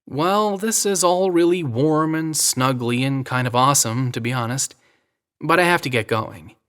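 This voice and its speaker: A man's voice: mid-range voice, normal speed, a bit bright, clear, resonant tone, pitched above the performer's own voice, lightly acted. A man voicing a teasing American woman photographer. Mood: playful. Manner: playful, teasing, coy. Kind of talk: audio drama reading.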